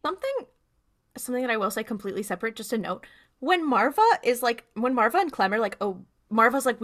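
A woman with a bright, slightly high voice chats in a quick, teasing way. She talks casually with her co-hosts and pokes fun at them. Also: expressive. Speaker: podcast co-host. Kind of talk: casual group chat.

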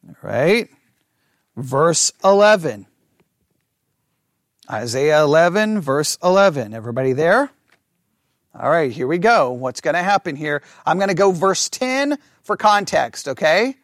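A man teaching a Bible class, thinking out loud and checking in with listeners often for agreement. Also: fairly high pitch, sing-song, unhurried, long pauses, no room sound, clean studio sound. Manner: talks through ideas out loud with restarts.

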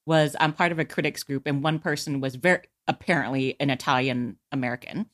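Chatty lower-voiced woman co-host. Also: fairly bright tone. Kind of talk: casual chat.

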